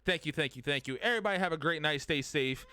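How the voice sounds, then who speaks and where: A man's voice: on the high side, fast, sharp tone, clean tone. A man hosting a casual podcast chat, swearing freely and laughing often, a little buzzed and complaining of a sore throat. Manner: loose and profane, laughs often. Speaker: podcast host.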